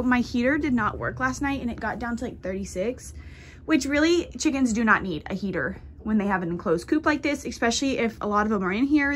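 A woman chatting casually as she walks around her chicken coop, filming on her phone, often cooing to her animals. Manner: chatty, coos at animals in a high sing-song. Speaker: homesteading vlogger. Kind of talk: casual vlog chat. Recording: outdoor noise behind voice. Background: dogs and farm ambience.

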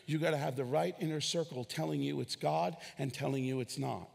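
Animated pastor with a husky, gravelly voice. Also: male voice, fairly high pitch, brisk, big-room sound. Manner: animated preaching with shouted peaks and acted dialogue. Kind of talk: sermon. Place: church hall.

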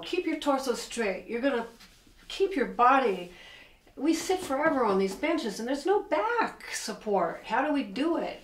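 Brief: middle-aged female piano teacher, bright higher voice, keen and explanatory, picked up from a distance in a roomy space. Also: sing-song, unhurried. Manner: enthusiastic, explains while playing, counts beats aloud. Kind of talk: piano lesson. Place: room with a piano. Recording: echoey room, distant mic.

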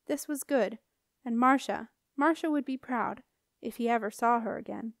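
A woman reading a children's fantasy novel aloud in a calm, even way. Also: on the high side, normal speed, no room sound, clean studio sound. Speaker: audiobook reader. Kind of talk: scripted audiobook narration.

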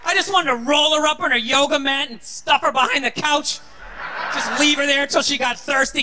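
A man's voice: very high-pitched, fairly quick, over music. A man performing a stand-up comedy set, ranting and sarcastic, swearing often. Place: comedy stage before a live audience.

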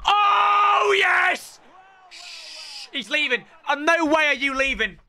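Young man, video game streamer, live gameplay commentary, excitable, shouty outbursts, high voice, bright tone. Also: takes it slowly. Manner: excitable, bursts into shouts, teasing banter.

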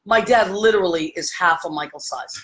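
A woman hosting a casual interview chat, telling stories in a gushing, animated way and praising her guest. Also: on the low side, a little fast, slight background noise, rough recording. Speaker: podcast host.

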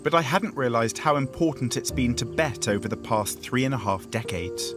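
A man's voice: medium pitch, expressive, moderate pace. A man presenting a travel documentary, narrating and interviewing outdoors in the bush with an encouraging manner. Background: background music.

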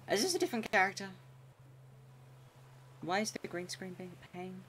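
A woman's voice: medium pitch, very animated, normal speed, long pauses, slight background noise. A woman streamer casually commenting on her gameplay, chatty and giggly, talking to herself.

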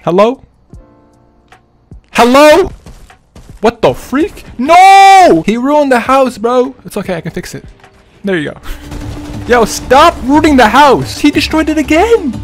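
A man's voice: very high-pitched, big pitch swings, measured pace, pauses often, faint music behind. A young man giving playful, trolling gameplay commentary, laughing often. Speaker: gaming streamer.

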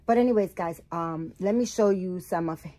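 A woman's voice: lowish voice, normal speed, warm tone. A middle-aged woman vlogging at home, chatting casually to her viewers, rambling and correcting herself as she goes. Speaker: doll-making vlogger.

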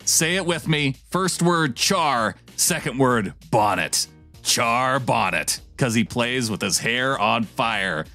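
A man's voice: mid-range voice, slow pace, hardly any pauses, pushed and bright, soft background music. A man co-hosting a podcast, reading a listener's email with playful, theatrical delivery, then chatting casually. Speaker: podcast co-host.

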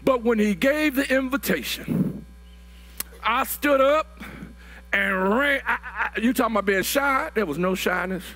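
A man, preaching a sermon that builds to shouted, drawn-out phrases, often repeating words. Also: extremely high pitch. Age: 60s.

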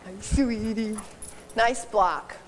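A woman with a high voice runs a dog behavior class, joking and throwing questions at the group. She is recorded from across a large hall, so her voice carries a long reverb with a faint hum of room noise behind it. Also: drawn-out words. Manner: animated, jokey, asks the class questions. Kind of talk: live teaching demonstration. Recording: roomy hall from a distance.

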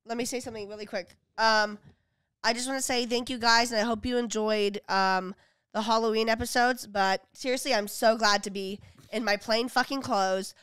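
Young female co-host, rambling and blunt, higher-pitched, clean dry sound. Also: fairly even intonation, moderate pace, a bit bright, smooth, no room sound. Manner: rambling, full of "like" and restarts, blunt and crude. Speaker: podcast co-host. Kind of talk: casual chat.

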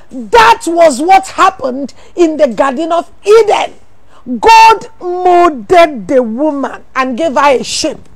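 A woman pastor, preaching a sermon full of rhetorical questions, teasing asides and sudden shouted emphasis. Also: sits high, vocal fry.

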